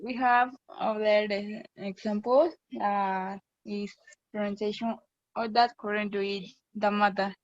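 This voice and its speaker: A young woman, a native Spanish speaker, gives a halting class presentation in English, with many fillers. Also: mid-range voice, fairly even intonation, dry recording, dull audio. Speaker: student presenter.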